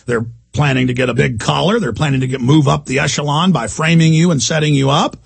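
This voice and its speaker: Man, radio host, ranting monologue, husky, dry close sound. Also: on the high side, fairly even intonation, quick pace, dry recording. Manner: emphatic, repetitive, ranting. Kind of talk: heated talk-radio monologue.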